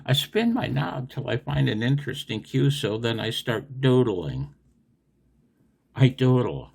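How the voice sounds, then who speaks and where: A man with a strained throat rambles through a loose radio-hobby monologue, silly and laughing often. His voice is gravelly, husky and lowish, and he talks at an unhurried, drawn-out pace. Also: big pitch swings. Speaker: amateur radio vlogger.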